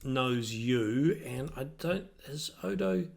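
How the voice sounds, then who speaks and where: A man's voice: medium pitch, animated, slow, creaky. A man narrating a tabletop role-playing game as game master, hesitant, with many ums and restarts.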